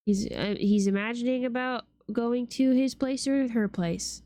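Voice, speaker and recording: A woman's voice: fairly high pitch, a little slow, warm tone, no room sound, studio quality. A woman streamer chatting playfully with her viewers while she draws, swearing casually.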